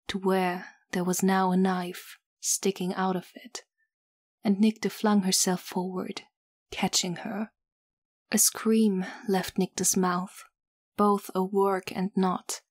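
A woman reading fan fiction aloud as an audiobook, steady and measured. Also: medium pitch. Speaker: audiobook reader.

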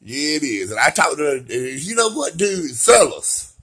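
At normal speed, a vlogger in his late forties with a husky, bright voice rambles through a casual monologue at home, lying in bed near an open window. He's animated, moving from loud, laughing outbursts to hushed, low talk.

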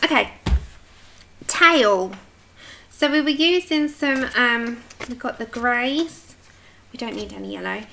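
A woman's voice: fairly high pitch, slow pace, creaky, pauses often, pushed and bright, slight background noise. A woman chatting casually as she hosts a colouring livestream, reading comments aloud and talking to her dog. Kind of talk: casual chat with live chat. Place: home, at her desk.

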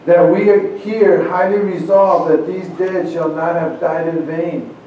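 An earnest man addressing a congregation, with a mellow voice pitched somewhat high. He restarts and repeats words as he goes. He is heard from far off in a very echoey room with faint noise behind him. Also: fairly even intonation, measured pace, dull audio. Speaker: church speaker. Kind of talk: address to a congregation, reading founding documents aloud.

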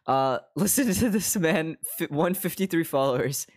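A young man talking to his stream from a desk at home, his pitch leaping up and down with lively energy. He swears constantly, breaks into laughs often, and slides in and out of put-on accents as he rambles. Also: moderate pace. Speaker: live streamer. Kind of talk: casual stream chat.

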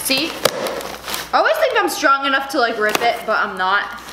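A woman's voice: high-pitched, sing-song, moderate pace, echoey room, background noise. A young woman in her twenties, a YouTuber chatting through an unboxing vlog with a bubbly, sarcastic, giggly manner.

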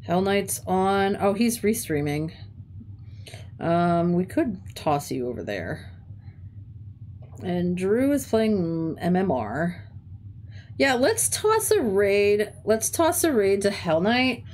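Her mid-range voice swings widely in pitch, slow and a little mellow, with frequent pauses and a faint hiss or hum in the audio. The young woman, a teacher and game streamer, is chatting casually on stream, telling stories full of "like" and swearing through a stuffy, runny nose.

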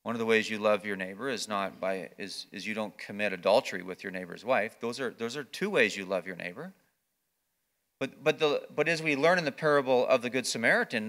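Pastor, male, bright tone, mid pitch; earnest sermon delivery, quiet teaching rising to emphatic preaching, frequent restarts. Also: a little fast. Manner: swings between quiet explaining and raised emphatic passages. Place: church or campus ministry gathering.

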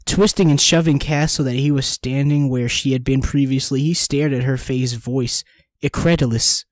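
Man co-host, comic read-aloud, teasing and quick to laugh, dry close sound. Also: medium pitch, fairly even intonation, dry recording. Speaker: co-host reading fan fiction aloud. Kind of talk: comedic read-aloud with banter.

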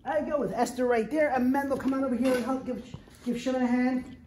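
A woman with a slightly high voice guides a room of children through a hands-on lesson. She keeps the pace upbeat and coaxing, cueing them to call answers back. The sound is roomy and echoey with a faint layer of background noise. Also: steady tone, quick pace, darkish tone. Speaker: children's workshop presenter.

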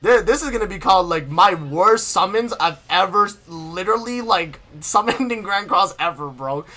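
Lively, bright-voiced young man gaming. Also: high voice, moderate pace. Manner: exasperated, repetitive slang, frequent laughter. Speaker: gaming streamer. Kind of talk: casual gacha summon commentary. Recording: faint game music behind. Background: game music.

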